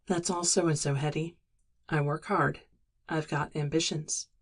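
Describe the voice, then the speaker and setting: A woman's voice: low-pitched, fairly even intonation, unhurried, husky. A woman reading the lines of a remorseful man in an audiobook, earnest and pleading.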